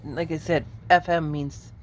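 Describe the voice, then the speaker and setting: A woman rambling casually to her viewers while in pain from a migraine, speaking low and quiet, wandering off her thread and laughing often. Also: fairly even intonation, a little slow, slight background noise. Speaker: vlogger. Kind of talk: casual rambling monologue to camera.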